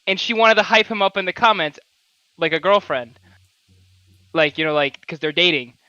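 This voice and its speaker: Young guy on a podcast, high bright voice, kinda dull lo-fi sound, laughs a lot telling his story. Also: moderate pace, smooth, dry recording. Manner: laughs often, storytelling with repeated "right?". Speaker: podcast co-host. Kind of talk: casual chat.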